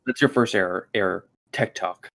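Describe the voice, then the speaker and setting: A man's voice: deep voice, moderate pace, vocal fry, a bit bright. A man co-hosting a casual podcast chat, throwing blunt, teasing jabs at his friend. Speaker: podcast co-host.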